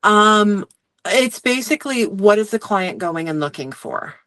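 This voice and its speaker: A woman's voice: medium pitch, animated, unhurried, fairly bright tone, dry recording. A woman guest who works as a medium and Reiki practitioner, recounting her sessions in a chatty, rambling way full of fillers. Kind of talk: casual storytelling in conversation.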